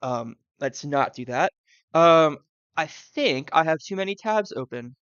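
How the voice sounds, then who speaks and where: A man from the Southern US chats his way through a live stream, wandering into tangents and filling gaps with "uh" and "um." His voice sits a bit high and sounds smooth and clear. It comes through a close, dry mic with a slightly dull, lo-fi tone. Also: lively intonation, measured pace, a bit bright, no echo. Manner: chatty, thinks aloud with many fillers and tangents. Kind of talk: rambling live-stream commentary.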